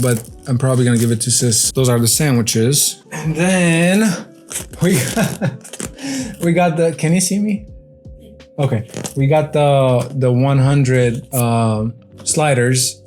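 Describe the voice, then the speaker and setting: Man, mid-pitched voice, casual vlog host, rambling chatter, fillers and restarts, faint guitar music behind. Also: darkish tone. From grew up outside the USA. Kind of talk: casual chat while eating on camera.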